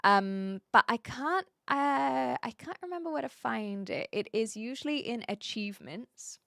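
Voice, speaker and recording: A woman's voice: on the high side, animated, measured pace, gravelly, sharp tone, no echo, clean studio sound. A woman with a New Zealand accent, chatting on a live stream, reading out viewer questions and rambling with lots of fillers and restarts.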